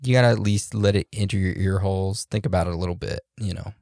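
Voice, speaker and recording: A man co-hosting a podcast in a relaxed, joking way, reading out listener reviews with loose fillers and laughs. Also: low voice, fast, creaky, no room sound, studio quality. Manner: laid-back, laughs and jokes, loose fillers. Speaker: podcast co-host.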